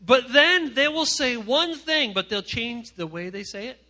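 A man preaching to a youth group from a stage, animated and joking as he acts out the voices of the people he quotes. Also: extremely high pitch, measured pace. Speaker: youth pastor. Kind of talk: energetic comic sermon to a youth group. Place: stage before a live audience.

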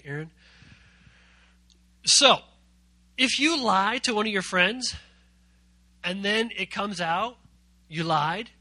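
Guy youth pastor with a super bright edgy voice, joking around, asking the kids questions mid sermon. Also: a little high. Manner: playful, jokey, quizzes the audience.

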